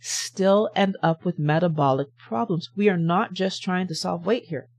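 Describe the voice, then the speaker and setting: A woman's voice: lowish voice, moderate pace, darkish tone. A woman hosting a health channel, giving a motivational talk to camera and pressing her point with repeated rhetorical questions. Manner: emphatic, repetitive rhetorical questions.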